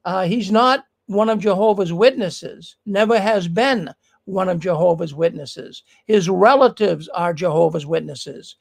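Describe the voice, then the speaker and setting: A man's voice: high-pitched, a little slow, creaky, low-quality recording. A man hosting a live online news show, talking straight to his viewers in a casual, emphatic way. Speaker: livestream news show host.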